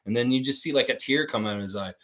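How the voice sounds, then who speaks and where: A fast-talking man with a mid-range, slightly bright voice hosts a casual livestream. He argues with his chat directly, bluntly and with plenty of swearing.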